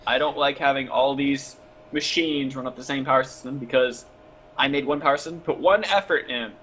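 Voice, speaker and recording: A man's voice: medium pitch, a little fast, fairly bright tone, a little hiss or hum. A young man on a live stream, joking around, answering chat and teasing his co-host. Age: young adult. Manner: playful, joking, talks to chat.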